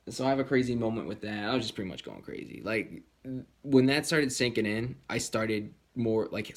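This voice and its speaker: A young man telling a personal story in a candid, rambling way, swearing often and jumping into high voices when he quotes people. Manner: slips into high-pitched voices when quoting others.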